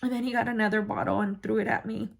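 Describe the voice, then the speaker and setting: A woman's voice: medium pitch, fairly even intonation, fast, gravelly. A woman vlogger candidly recounting her own life story, with frequent fillers and blunt swearing. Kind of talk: personal storytelling.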